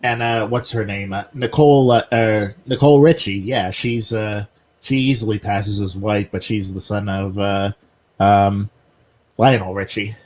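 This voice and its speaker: A man co-hosting a podcast, chatting casually and explaining things in halting bursts full of "uh" and "like". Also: on the low side, fairly even intonation, darkish tone. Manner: halting, many fillers and restarts while explaining. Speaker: podcast co-host. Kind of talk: casual chat.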